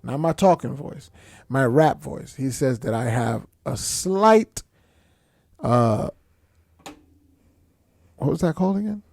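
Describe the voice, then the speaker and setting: A man's voice: medium pitch, takes it slowly, vocal fry, pauses often, dry recording, studio quality. A man co-hosting a casual podcast chat, telling stories animatedly and acting out quotes. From Hispanic background. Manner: animated storyteller, acts out quotes loudly. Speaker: podcast co-host.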